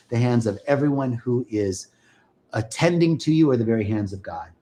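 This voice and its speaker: A man's voice: mid-range voice, mellow. A man hosting a spiritual live stream, talking casually and enthusiastically to viewers and greeting them by name.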